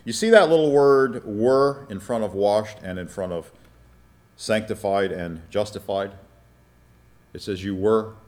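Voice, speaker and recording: Low-ish voiced male pastor, teaching sermon, keeps asking the church questions and checking they follow. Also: unhurried, a little mellow. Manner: teaching, asks the congregation questions and checks with "all right?".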